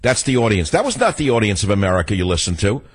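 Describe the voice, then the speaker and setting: A man's voice: lowish voice, sing-song, quick pace, breathy edge. An older man hosting a political talk radio show, ranting in a combative, sarcastic way.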